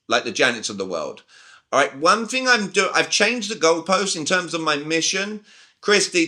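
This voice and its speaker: British male sales coach, 40s, somewhat high and forceful, on a video call. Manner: emphatic, talks straight to the group with questions. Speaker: communication coach. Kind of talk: live online sales training.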